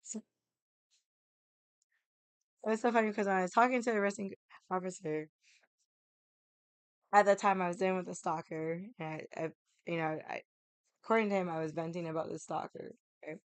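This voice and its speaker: A woman's voice: fairly low pitch, steady tone, brisk, long pauses, clear, resonant tone, no echo. A young woman casually telling a story, laughing often, swearing freely and acting out the voices of the people she quotes. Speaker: vlogger.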